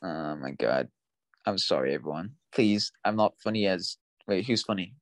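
A man's voice: low voice, animated, moderate pace, no echo. A man co-hosting a film podcast in casual chat, flustered and apologetic, stammering often. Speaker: podcast co-host.

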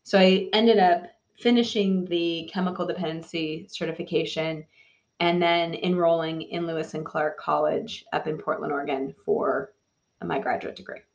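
A woman's voice: low-pitched, level tone, normal speed, gravelly, lo-fi sound. A middle-aged woman from the San Francisco Bay Area, a podcast guest telling her story in a candid, wry way with frequent laughs. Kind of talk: casual interview storytelling.

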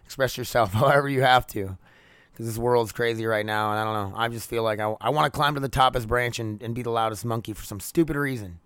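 A man's voice: mid-range voice, a bit bright, smooth, no room sound. A young man hosting his own podcast from home, rambling candidly with plenty of swearing. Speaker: podcast host. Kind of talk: casual solo podcast monologue. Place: home, near laundry room. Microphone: podcast microphone.

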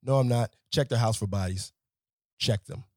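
A man who works as a nightlife promoter delivers an animated, exasperated and profane comedic rant. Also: medium pitch, normal speed, slight background noise.

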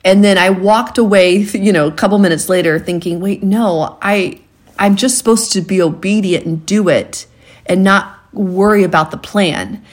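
A woman's voice: medium pitch, moderate pace. A woman, married over two decades, co-hosting a casual chat and speaking in a reflective, conversational way. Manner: conversational, reflective, faith-centered. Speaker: podcast co-host.

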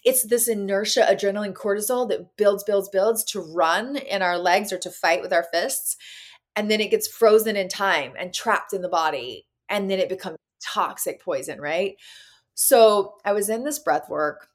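A woman's voice: medium pitch, normal speed. A woman guest on a podcast telling a personal story vividly, acting out the voices she quotes. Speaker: podcast guest, actor and activist.

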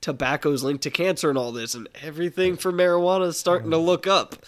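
A man's voice: a little high, fairly even intonation, fast, fairly bright tone. Brief: man, casual podcast co-host, light joking, salty language. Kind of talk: casual crude banter.

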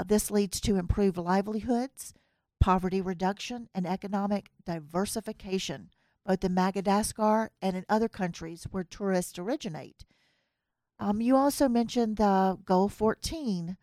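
A woman's voice: mid-range voice, a little mellow, dry recording, clean studio sound. A woman with a US Southern accent hosting an interview over a video call. She reads prepared remarks in a friendly way.

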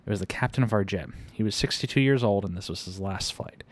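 A man reading a first-person story aloud in an unhurried, conversational storytelling manner. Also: fairly low pitch. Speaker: reader.

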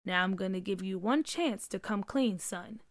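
A woman voicing a protective father who speaks in a calm but stern, measured way. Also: fairly high pitch, clear, resonant tone, no room sound, studio quality.

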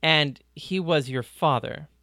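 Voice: mid-range voice, takes it slowly, vocal fry, bright, forceful tone, no room sound, clean studio sound, full character voice. A reader voicing Odysseus, a friendly, earnest man, in an audiobook. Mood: puzzled. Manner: earnest, puzzled questions. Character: friendly careful man, a guest at breakfast. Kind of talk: audiobook reading.

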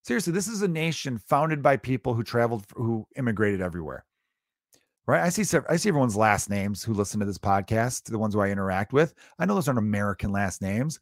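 A man's voice: on the low side, big pitch swings, quick pace, no echo, clean studio sound. A male comedian hosting a podcast, ranting in a profane, sarcastic, exasperated monologue.

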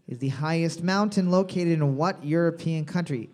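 A man's voice: fairly high pitch, normal speed, a little mellow. A man hosting a casual trivia game, reading questions and cracking crude jokes. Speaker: trivia host.

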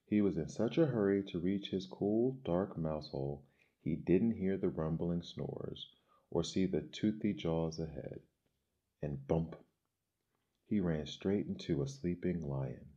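A man reading fables aloud in a measured, expressive storybook style. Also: low voice, dull audio.

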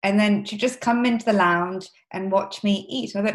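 A woman hosting an interview, gentle and openly emotional as she talks. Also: medium pitch, normal speed. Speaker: podcast host. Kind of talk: casual interview. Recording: roomy echo.

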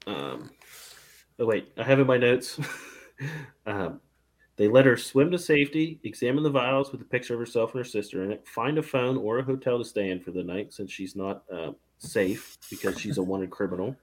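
A man's voice: medium pitch, lively intonation, normal speed. A man hosting a casual podcast, recapping a film from his notes in a sarcastic tone and swearing freely. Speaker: podcast host. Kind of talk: casual chat.

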